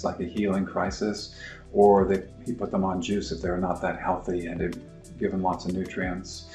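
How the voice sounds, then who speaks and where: A middle-aged man explaining his clinic's approach in a halting, informal way, full of fillers and restarts. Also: low voice, gravelly, darkish tone. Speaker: naturopathic clinic practitioner. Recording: roomy echo with faint music.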